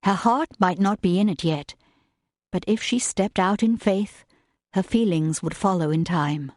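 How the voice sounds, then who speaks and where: A woman narrating a romance audiobook in a measured, gentle way. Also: medium pitch, dry recording, studio quality. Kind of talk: scripted narration.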